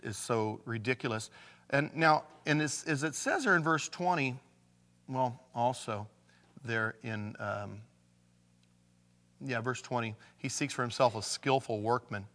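A man preaching a sermon in a relaxed, conversational way, reading scripture passages aloud and stressing key lines. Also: medium pitch, unhurried, long pauses, in a large hall. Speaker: pastor.

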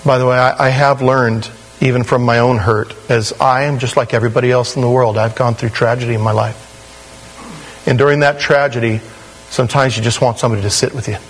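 A man preaching a sermon in a conversational, animated way, with sudden rises in pitch. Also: brisk, slightly rough, poor audio. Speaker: pastor.

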